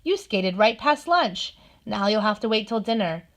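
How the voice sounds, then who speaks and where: A woman voicing a bossy, cheerful female groundhog in a storybook read-aloud, brisk and exclaiming. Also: mid-range voice, expressive, lightly acted. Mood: lively.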